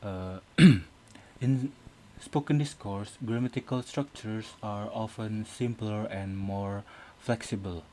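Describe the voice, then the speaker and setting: Slow, hesitant man presenting a lesson. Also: fairly low pitch, a little mellow, a little hiss or hum, poor audio. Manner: hesitant, many fillers and restarts. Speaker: student presenter. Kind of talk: academic presentation.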